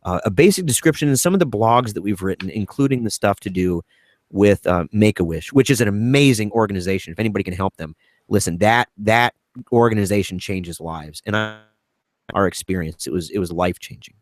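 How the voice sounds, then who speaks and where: A man co-hosting a talk show, speaking earnestly and haltingly about a hard family matter, at times tearful. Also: fairly low pitch, expressive, no echo, clean studio sound. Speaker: co-host. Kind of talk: emotional personal talk on a podcast.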